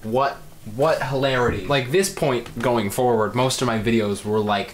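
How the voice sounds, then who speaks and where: A young man in his late teens talks through a reaction video in a voice of middling pitch. His delivery is dry and sarcastic, full of self-mocking asides. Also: fairly even intonation, moderate pace, faint music behind. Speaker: video creator. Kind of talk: reaction commentary.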